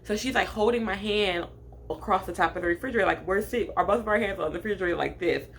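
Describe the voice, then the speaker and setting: A woman's voice: medium pitch, very fast, creaky, a little hiss or hum. Chatty young woman telling a story. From Michigan. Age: late 20s. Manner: chatty, filler-heavy storytelling, addresses viewers directly. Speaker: vlogger. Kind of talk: storytime vlog.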